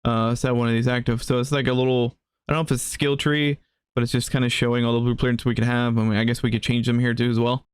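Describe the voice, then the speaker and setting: Gaming guy chatting thru a playthrough, smooth clear voice, dry close mic, laughs a lot. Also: mid-range voice, level tone, fast, dry recording. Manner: casual, chatty, laughs often. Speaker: gaming channel host. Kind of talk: let's play commentary.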